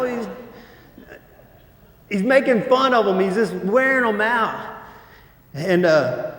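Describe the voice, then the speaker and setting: A man preaching a casual sermon as a pastor, informal and joking, with lots of filler words, on a stage under hot lights. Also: high voice. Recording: echoey hall, long reverb.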